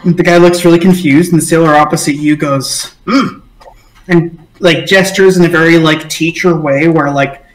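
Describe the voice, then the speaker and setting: A man's voice: a little high, fairly even intonation, normal speed, roomy sound, poor audio. A man narrating as game master, rambling with many fillers.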